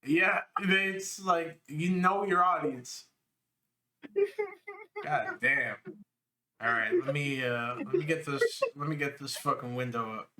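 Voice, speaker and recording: Slow, bright-voiced man reading aloud. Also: fairly high pitch, slight background noise. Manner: laughing through a crude novel reading. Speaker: podcast co-host. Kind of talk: comedic dramatic reading.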